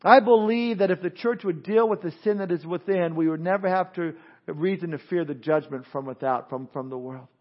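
A man's voice: sits high, brisk, lo-fi sound. A man preaching as a pastor, often repeating words and restarting as he goes. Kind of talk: sermon.

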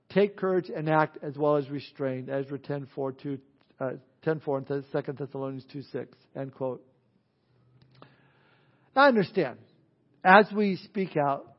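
High-voiced pastor preaching animatedly. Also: male voice. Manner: animated storytelling with asides. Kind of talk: sermon. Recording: dull lo-fi sermon audio.

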